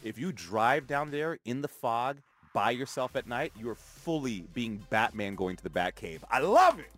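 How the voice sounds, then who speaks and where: A man with a Canadian accent co-hosting a morning radio show, playful and animated in casual banter. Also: mid-range voice, moderate pace.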